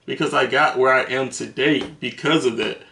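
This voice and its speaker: Bright-voiced man telling stories, roomy echo. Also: mid-range voice, normal speed, gravelly. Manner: profane, slangy, laughs between stories. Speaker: vlogger. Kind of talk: casual storytelling to camera.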